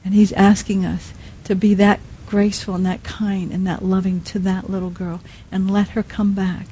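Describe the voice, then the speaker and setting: A woman preaching a sermon in a soft, halting way, often dropping to a quiet hush. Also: mid-range voice, flat delivery, slight background noise, poor audio. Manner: soft, halting, many restarts and fillers. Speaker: speaker at a Christian teaching.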